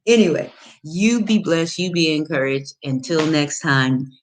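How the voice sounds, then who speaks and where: A woman's voice: low voice, lively intonation, a little slow, a little hiss or hum. A woman life coach giving an emphatic, preachy motivational talk, repeating phrases and dropping folksy pet names. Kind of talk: motivational video monologue.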